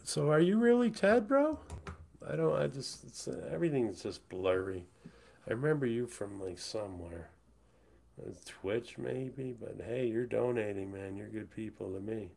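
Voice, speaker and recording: A man streaming live who rambles, says he's high and mumbles, often trailing off into whispers. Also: normal speed, gravelly, warm tone. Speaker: livestreamer. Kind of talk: casual livestream chat. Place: indoors, hot room.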